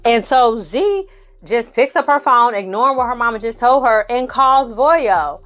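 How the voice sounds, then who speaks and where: A woman's voice: on the high side, expressive, unhurried, fairly bright tone. Chatty opinionated woman recapping a show. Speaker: film and TV recap reviewer. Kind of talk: casual review chat.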